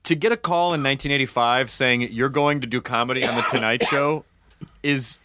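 A man's voice: mid-range voice, fairly quick, sharp tone, dry recording, studio quality. A man hosting a casual interview, speaking emphatically and swearing casually. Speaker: podcast host.

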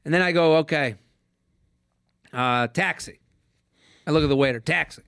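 Higher-voiced man telling a story. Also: moderate pace, vocal fry, fairly bright tone, clean tone, no room sound, studio quality. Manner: storytelling, acts out voices in quotes. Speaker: podcast host. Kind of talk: casual comedy podcast chat.

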